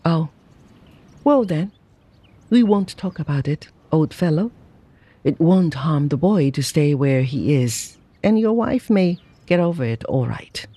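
A reader voicing a keen young male lawyer who talks in a brisk, persuasive way, in a storybook reading. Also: medium pitch, expressive, dark tone, breathy edge, dry recording. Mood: smooth-talking.

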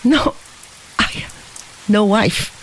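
A woman voicing a gentle young man who speaks earnest, halting broken English in a storybook reading. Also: medium pitch, animated, pitched above the performer's own voice, low-quality recording. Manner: simple halting phrasing.

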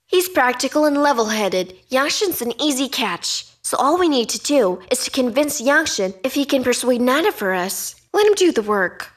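A woman's voice: high voice, very animated, moderate pace, hardly any pauses. A woman voicing a scheming, self-assured woman in a dubbed drama, smug and calculating. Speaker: dub actor.

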